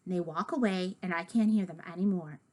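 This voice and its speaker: A woman's voice: on the low side, fairly quick, a little mellow. A woman reading a children's book aloud in a playful first-person child's voice.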